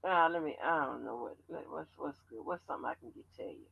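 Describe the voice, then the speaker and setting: Blunt, animated woman streamer. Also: low voice, fast talker, vocal fry, husky, no room sound, lo-fi sound. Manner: blunt, profane, animated storytelling. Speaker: channel host. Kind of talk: livestream commentary.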